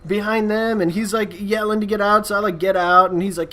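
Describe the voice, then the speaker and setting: A man's voice: high-pitched, quick pace. Man rambling through a casual story. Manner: rambling, relaxed, full of fillers and asides. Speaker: gaming YouTuber. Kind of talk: casual storytelling over gameplay.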